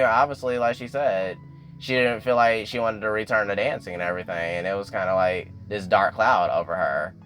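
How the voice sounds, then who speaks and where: A man's voice: fairly low pitch, fairly even intonation, fairly quick, a bit bright, soft background music. Chatty man recapping a TV episode. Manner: chatty, peppered with "like" and "and everything". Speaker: TV recap vlogger.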